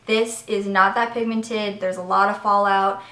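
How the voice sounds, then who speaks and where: A woman's voice: mid-range voice, steady tone, measured pace, sharp tone, reverberant. A woman vlogger giving a candid makeup review and demo in a chatty, step-by-step way. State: voice cracking slightly. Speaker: beauty vlogger.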